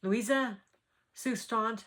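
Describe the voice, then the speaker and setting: Speaking slowly in a fairly high, slightly bright voice, this cross-stitch vlogger from North Carolina rambles through a casual chat at home, laughing often. She has a Southern American accent, and a little background noise can be heard.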